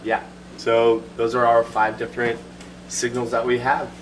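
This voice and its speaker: A man's voice: mid-range voice, monotone, normal speed. A young man giving a student class presentation and demo in a casual, hesitant way, full of fillers. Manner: casual, hesitant, many fillers, chuckles at glitches. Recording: distant mic with clear background noise.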